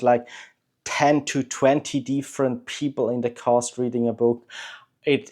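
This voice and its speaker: A man hosting a book channel, talking to camera in a relaxed, chatty way with frequent hesitations and clear opinions. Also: medium pitch. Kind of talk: casual talk to camera.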